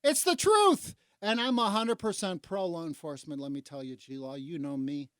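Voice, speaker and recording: A woman's voice: lively intonation, moderate pace, dry recording. Woman talk radio host from Chicago, sarcastic and indignant, dry close sound. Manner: indignant, sarcastic, swings from low mutters to loud outbursts. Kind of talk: opinionated talk radio rant.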